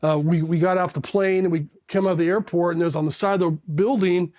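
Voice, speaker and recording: A man's voice: high voice, steady tone, fast talker, darkish tone. A man in his fifties from California, a Marine veteran telling candid stories in a blunt, rambling way, swearing casually. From California, USA. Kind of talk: candid storytelling.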